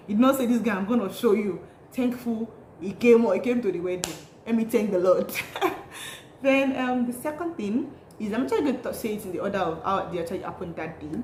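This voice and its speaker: A woman's voice: mid-range voice, a little mellow. A young Nigerian woman vlogging in a bubbly, chatty way, laughing often as she tells a story. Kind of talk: casual chatty vlog. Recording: roomy echo, faint noise.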